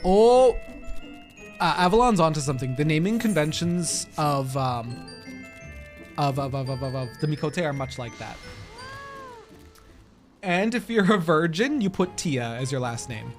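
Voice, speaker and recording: A man's voice: fairly high pitch, expressive, measured pace, long pauses, faint music behind. A man live-streaming a game, chatting to his viewers in a giggly, rambling way. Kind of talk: casual live-stream chat while gaming.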